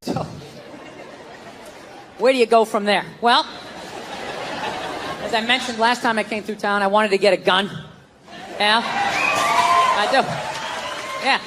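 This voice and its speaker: A middle-aged man doing a stand-up rant, profane and exasperated, often shouting. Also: high-pitched, steady tone, takes it slowly, pauses often, noisy background. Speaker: stand-up comedian. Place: large theater on stage. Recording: live show, roomy echo, loud crowd laughter. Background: audience laughter.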